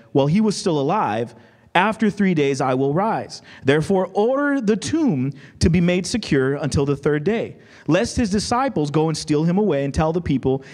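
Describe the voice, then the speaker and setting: A man's voice: a little high, a little mellow. A man preaching a sermon, reading scripture and explaining it conversationally, checking in with the congregation. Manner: reads scripture quickly, slows down for emphasis. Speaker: pastor.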